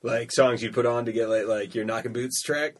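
Husky man chatting easily. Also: medium pitch, brisk. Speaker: podcast co-host. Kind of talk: casual chat.

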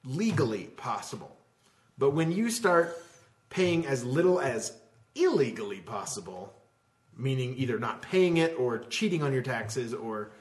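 A man's voice: medium pitch, reverberant. A man in casual podcast chat, talking loosely with lots of fillers and trailing thoughts. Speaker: podcast co-host.

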